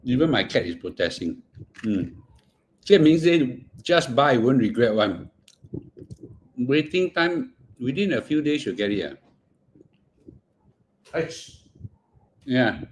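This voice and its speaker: A man's voice: medium pitch, sing-song, takes it slowly, long pauses, a little hiss or hum. Singaporean man chatting while eating. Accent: Singaporean English. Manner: chatty, mixes Singlish and Mandarin, murmurs while eating. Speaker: finance livestream host. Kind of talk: casual livestream chat.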